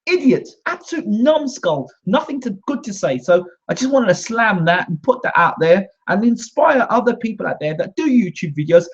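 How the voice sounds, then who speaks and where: With a sing-song, high-pitched, slightly rough voice, the British host talks at normal speed and barely pauses. His monologue to camera for his own channel is indignant and combative, with repetition, and the sound is dull lo-fi.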